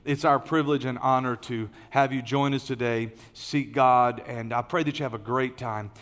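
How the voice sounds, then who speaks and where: With a steady tone and a moderate pace, this middle-aged man's mid-range voice sounds a bit bright. He's the lead pastor giving a folksy, conversational sermon with plenty of fillers and restarts, and the large church auditorium lends the audio a long reverb.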